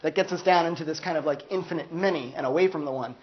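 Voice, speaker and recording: A man's voice: fairly high pitch, fast talker, dull audio. Man lecturing casually in a classroom. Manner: conversational, peppers speech with "like", acts out quoted voices. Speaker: philosophy lecturer. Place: university classroom.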